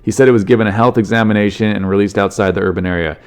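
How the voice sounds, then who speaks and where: A man's voice: on the low side, fairly even intonation, racing, clean tone. A man hosting a solo comedy podcast, rambling and joking through news stories and swearing freely. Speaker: podcast host.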